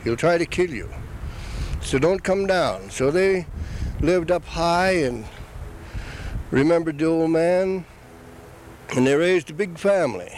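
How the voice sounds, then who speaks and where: An older man telling a traditional story in an unhurried, plain-spoken way, repeating "he said" between the quoted lines. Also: a little high, expressive, a little mellow, a little hiss or hum, poor audio.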